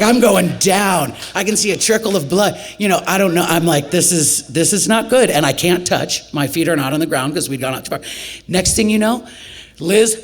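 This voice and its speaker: Animated storytelling woman from Nebraska. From Nebraska, USA. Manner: animated, acts out quoted lines with big jumps in pitch; conversational, with laughter and fillers. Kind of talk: live storytelling performance. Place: stage at a storytelling festival.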